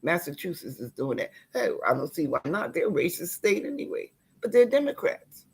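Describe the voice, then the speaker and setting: A woman speaks with fiery conviction in a gravelly, husky voice. She preaches straight to her viewers and calls them y'all. At times her voice sinks to a hushed whisper. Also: mid-range voice, expressive, normal speed. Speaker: tenant speaking out. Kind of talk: impassioned direct-to-camera appeal.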